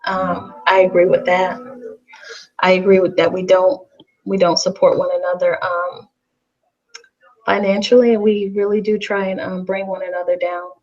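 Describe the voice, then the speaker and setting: A woman's voice: fairly low pitch, little pitch movement, normal speed, darkish tone, dull audio. A woman in a heated online voice chat who defends herself, insists on her point and often repeats herself. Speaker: guest defending herself in a livestream debate.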